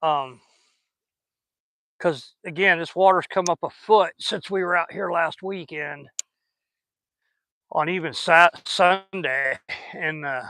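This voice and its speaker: Folksy Southern man, bright voice. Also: a little high, slow, creaky, long pauses, dry recording, poor audio. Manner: folksy, rambling, chatty. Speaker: fishing vlogger. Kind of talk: casual chat while fishing. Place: outdoors on a river.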